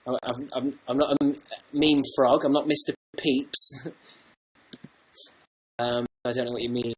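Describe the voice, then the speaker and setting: A man's voice: medium pitch, flat delivery, a little slow, poor audio. A young man hosting a casual livestream from home. He reads out viewer comments and rambles through self-mocking jokes. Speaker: livestream host.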